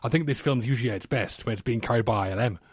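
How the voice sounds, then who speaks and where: A man's voice: mid-range voice, rapid-fire, breathy edge. A man co-hosting a film podcast, sharing trivia in an informative way with dry asides. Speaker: podcast co-host. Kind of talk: casual film chat with trivia.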